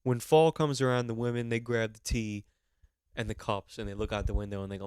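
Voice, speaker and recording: A man's voice: on the low side, fairly quick, clear, resonant tone, no room sound, studio quality. Rambling, profane young man on a podcast. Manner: rambling, profane, lots of fillers and mock voices. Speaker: podcast host. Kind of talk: casual comedic monologue.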